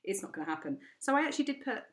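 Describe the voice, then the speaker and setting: A middle-aged woman co-hosting a casual chat, telling a story with lively, exasperated delivery and acting out the other people in it. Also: fairly high pitch, very fast. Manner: animated, acts out quoted voices, exasperated. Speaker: podcast co-host.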